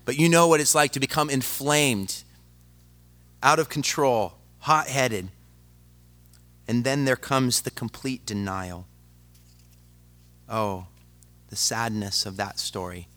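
A male preacher delivering a dramatic sermon that swings from loud to hushed and speaks straight to the congregation. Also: mid-range voice, slow, long pauses. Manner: addresses the congregation directly.

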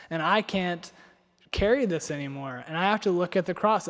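A young man from North Carolina preaching a sermon, telling a story in a rambling, self-deprecating way with lots of filler words. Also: on the high side. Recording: long hall reverb.

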